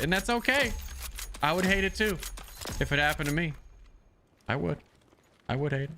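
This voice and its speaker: High, lively, foul-mouthed gaming streamer. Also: male voice, moderate pace, pauses often, background noise. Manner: profane, trash-talking, exasperated rants. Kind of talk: live gameplay commentary.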